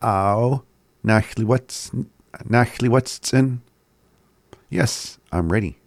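A man giving a casual language lesson, slowly repeating words and chuckling often. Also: medium pitch, no echo. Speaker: language teacher.

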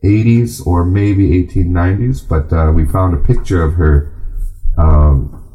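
A man teaching a class, speaking in an unhurried way and pausing often with ums and uhs. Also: sits low, fairly even intonation, warm tone. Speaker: language and culture teacher. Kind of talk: informal class talk.

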